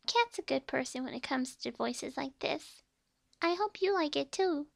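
A woman's voice: high-pitched, lively intonation, measured pace, creaky, dry recording, pitched above the performer's own voice, heavily acted. A woman voicing a cute, chatty little girl who giggles and stammers, recorded close on a headset mic. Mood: cutesy.

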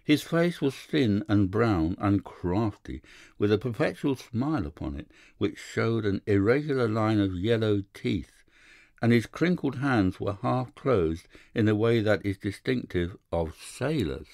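A man narrating a classic first-person story for an audiobook, measured and even. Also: fairly low pitch, creaky, dry recording, studio quality.

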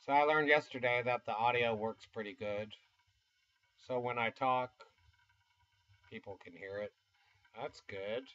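A man's voice: medium pitch, measured pace, long pauses, fairly bright tone, dull audio. A man in his fifties from the United States, rambling casually and self-deprecatingly in a vlog, with chuckling asides. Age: 50s. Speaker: YouTuber. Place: home studio.

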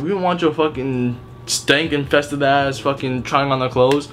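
A man's voice: mid-range voice, steady tone, measured pace, a bit bright. A young man telling work stories in a casual vlog, blunt and heavily profane, rambling with restarts. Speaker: retail worker telling stories.

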